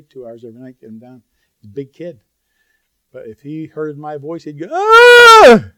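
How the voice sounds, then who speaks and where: A man's voice: mid-range voice, mellow, no echo. A man preaching a sermon in a conversational, earnest way, breaking into sudden bursts of emphasis and asides to the audience. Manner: talks straight to the audience with asides.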